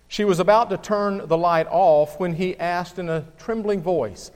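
A man preaching a sermon, reading scripture and speaking in a measured, deliberate way with slow, emphatic pauses. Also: fairly high pitch, clear, resonant tone. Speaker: pastor. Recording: long reverb of a church hall.

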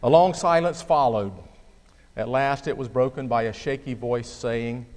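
A man preaching a sermon, reading scripture and speaking in a measured, deliberate way with slow, emphatic pauses. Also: medium pitch, darkish tone. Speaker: pastor. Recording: long reverb of a church hall.

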